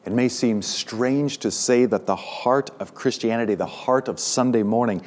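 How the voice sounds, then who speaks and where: Male pastor, sermon delivery, emphatic rises on key words, mid pitch. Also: normal speed, a little mellow.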